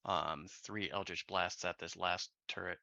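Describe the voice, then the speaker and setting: Brief: low man with a crisp bright tone, quick, on a dry dull mic. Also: fairly even intonation, no room sound. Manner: quick, laughs often. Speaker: player. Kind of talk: casual tabletop play.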